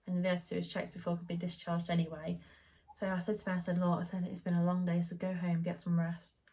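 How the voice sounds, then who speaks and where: A woman's voice: fairly low pitch, quick pace. A young woman chatting casually at home, telling the story of her labour and birth. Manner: chatty, animated retelling, quoting the midwife in raised voice. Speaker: vlogger.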